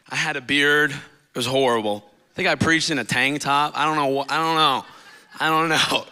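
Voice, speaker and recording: A man's voice: mid-range voice, sharp tone. A man in his thirties preaching a sermon in a church, emotional and rambling, getting tearful at times. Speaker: guest preacher. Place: church stage.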